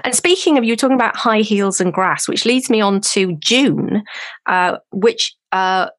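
A woman hosts a podcast in a relaxed, conversational way. She chats with an easy lilt and laughs readily as she talks. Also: medium pitch, normal speed. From United Kingdom. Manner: chatty, lively, laughs easily. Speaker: podcast host. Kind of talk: casual conversational chat.

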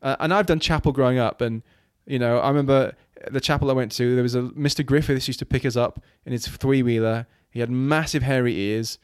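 A man's voice: mid-range voice, steady tone, brisk, few pauses, clean tone, no echo. Earnest man from Wales, dry sound. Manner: earnest, rambling with many restarts and fillers. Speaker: guest, children's ministry leader. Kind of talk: casual interview talk.

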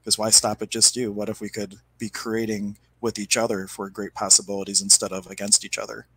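A man co-hosting a podcast, telling a story in an animated way and acting out the quotes. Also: fairly low pitch, fairly quick, husky. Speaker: podcast co-host. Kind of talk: casual chat.

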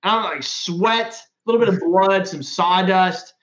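A man hosting a podcast, casually telling profane, animated stories. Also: high voice, unhurried, echoey room, dull audio. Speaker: podcast host. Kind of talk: casual chat.

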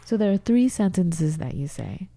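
A middle-aged woman speaks earnestly and with open emotion into a studio mic, drifting into soft whispers and small laughs. Her voice is very dark and mellow, sitting somewhat low for a woman. The sound is close and dry. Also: very animated, normal speed, creaky, dry recording. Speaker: podcast co-host. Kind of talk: casual podcast talk, demonstrating an exercise. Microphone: studio microphone.

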